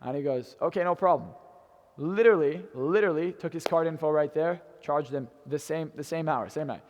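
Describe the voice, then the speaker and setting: A brash young man tells a story at a rapid clip, cursing freely as he goes. His voice sits a little high, and long reverb trails behind each phrase as if he were speaking in a large event room. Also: darkish tone, a little hiss or hum. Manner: brash, swearing, fast storytelling. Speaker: motivational speaker. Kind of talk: storytelling talk to an audience.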